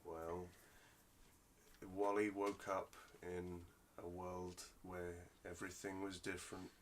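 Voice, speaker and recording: A man's voice: low voice, level tone, slow, slight background noise. A man co-hosting a casual podcast, teasing the others and explaining at length. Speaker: podcast co-host. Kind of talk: casual chat.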